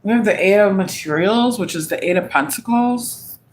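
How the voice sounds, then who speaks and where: A woman giving a live-streamed tarot reading in a chatty way, with lots of fillers and unhurried pauses. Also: medium pitch, slight background noise, poor audio. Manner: chatty, filler-heavy, slow and drawn out; giggly, fighting fits of laughter. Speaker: tarot reader.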